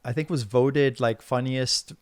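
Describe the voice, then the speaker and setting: Rambling, animated man hosting a podcast. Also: mid-range voice, unhurried, smooth, dry recording. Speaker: podcast host. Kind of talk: casual conversation.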